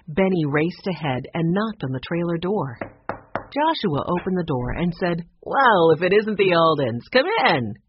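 A storybook narrator reading a children's chapter book aloud, with lively, animated pitch. The voice is husky and breathy. The recording sounds muffled and lo-fi. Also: no echo. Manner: expressive, even narration. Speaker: audiobook reader.

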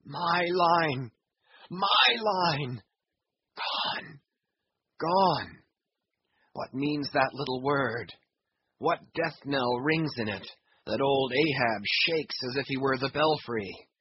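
A man voicing an obsessed, raging old sea captain who roars commands, in a husky voice. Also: medium pitch, slow pace, muffled recording, voice pushed down. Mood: anguished. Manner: roaring commands, wild exclamations.

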